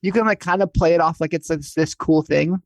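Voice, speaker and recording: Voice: mid-range voice, fairly even intonation, a little fast, no echo. A speaker in a casual spiritual podcast conversation, talking chattily in a self-mocking way with lots of fillers.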